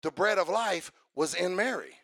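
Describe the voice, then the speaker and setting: Male preacher, high and gravelly, fervent call-and-response delivery. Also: animated, moderate pace, no room sound, studio quality. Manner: rising to fervent shouts, call-and-response with congregation. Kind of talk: sermon. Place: church service.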